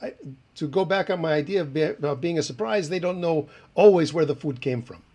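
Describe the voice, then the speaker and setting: A man playing a proud male chef who speaks with a put-on French accent and hesitant, halting delivery in an improvised comedy podcast bit. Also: on the high side, mellow. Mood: smug. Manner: halting, full of "uh" pauses. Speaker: guest chef.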